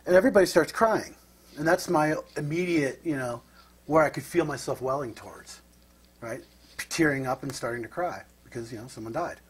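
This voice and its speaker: A middle-aged man from Nebraska telling stories as an interview guest, rambling and reflective, often tagging his sentences with a question. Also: medium pitch. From Nebraska, USA. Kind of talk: casual storytelling.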